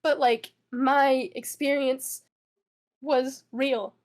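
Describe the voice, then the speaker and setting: A young woman with a high voice speaks in an emotional interview, tearful and upset. She stumbles, repeats her words and keeps apologizing as she talks it through. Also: fairly even intonation, extremely slow. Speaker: interviewee, witness.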